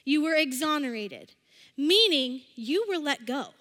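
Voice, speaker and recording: Woman, casual sermon, high bright voice, chatty, acts out the quotes, long hall reverb. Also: expressive, measured pace. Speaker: speaker at a church service.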